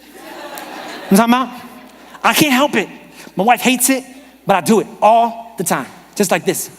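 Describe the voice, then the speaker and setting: A man preaching a sermon as a pastor, telling funny stories with lively energy that swings from loud exclamations to soft whispers. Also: high-pitched, normal speed. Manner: animated, humorous storytelling, shifts from shouting to whispering. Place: church auditorium. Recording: reverberant church hall.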